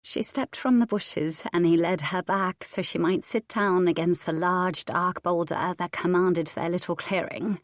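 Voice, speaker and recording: A woman reading a historical romance audiobook in measured, even narration. Her voice sits on the low side, and the recording is dry and close. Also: no room sound. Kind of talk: scripted narration.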